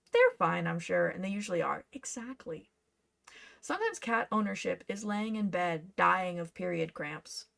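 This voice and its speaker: A woman's voice: mid-range voice, creaky, fairly bright tone. A woman streaming her cosplay patterning work, chatting casually and muttering to herself as she works. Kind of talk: casual live-stream chat while working.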